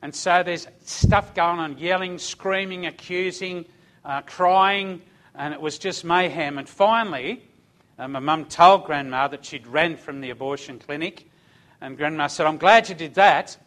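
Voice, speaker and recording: An older man recounts his own story as a religious testimony. He speaks earnestly and conversationally, in a voice a touch higher than most men's. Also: unhurried, fairly bright tone.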